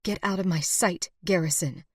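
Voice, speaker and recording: A woman voicing a defiant young frontier wife who speaks heatedly and forcefully. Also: on the low side, normal speed, husky, no echo, studio quality.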